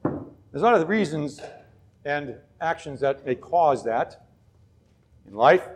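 A man serving as pastor, reading scripture aloud and then preaching in an earnest, measured way. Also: a little high, expressive, breathy edge.

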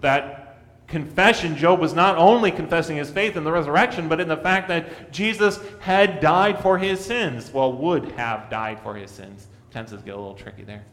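A man preaching a sermon, earnest, rising for emphasis and dropping to a soft hush. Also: normal speed, in a large hall. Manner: earnest, rises in pitch and volume for emphasis, drops to a soft hush. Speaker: pastor.

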